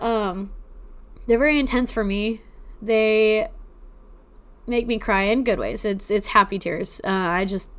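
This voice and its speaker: A woman's voice: medium pitch, clean tone. Teary, chatty young woman telling ghost stories. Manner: emotional, tearful at times, chatty with fillers. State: teary-eyed. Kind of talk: casual personal storytelling.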